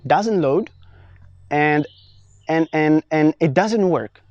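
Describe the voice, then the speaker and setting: A young man from France telling a personal travel story in a casual, animated vlog, full of fillers and restarts. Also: a little high, slow, dull audio, soft background music. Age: young adult. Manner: animated, many fillers and restarts, acts out his own past lines. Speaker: vlogger.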